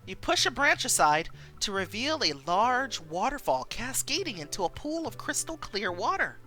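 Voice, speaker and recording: A woman's voice: fairly high pitch, sing-song, moderate pace, sharp tone, soft background music. A woman streamer reading a story game aloud and chatting with viewers, with frequent giggles.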